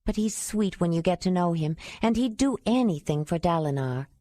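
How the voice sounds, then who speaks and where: A friendly young woman chats and confides, as a woman reads her. Her voice is mellow and fairly low. The sound is dry and close, as in an audiobook. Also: animated, normal speed, no room sound, lightly acted. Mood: chatty.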